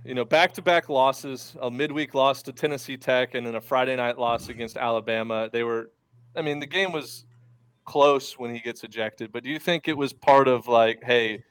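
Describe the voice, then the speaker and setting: A man's voice: medium pitch, normal speed, clean tone, no room sound. Easygoing man co-hosting sports talk. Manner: easygoing, jokey, asks questions. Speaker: podcast co-host.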